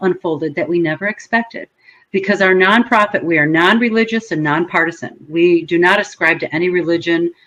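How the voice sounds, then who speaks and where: Woman guest on a podcast, lively storyteller, acts out what she said back then. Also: lowish voice, brisk, muffled recording. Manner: animated storyteller, acts out her own past words. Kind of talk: casual interview storytelling.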